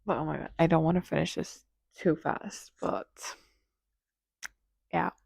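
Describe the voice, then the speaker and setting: A young woman talks through a book she is reading in a casual vlog, excitable and gushing in her reactions. Her voice is soft and mellow, and she speaks slowly. The recording is close and dry. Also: deep voice, gravelly, husky, no echo. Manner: gushing, excitable, reads lines aloud. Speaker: book vlogger.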